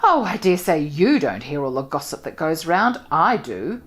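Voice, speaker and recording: Woman reader doing a loud bossy village spinster, booms out her gossip, super sure of herself, pitch swings all over. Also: sing-song. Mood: blunt, gossipy. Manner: loud, brisk, complacent, gossiping. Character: blunt booming middle-aged village spinster woman.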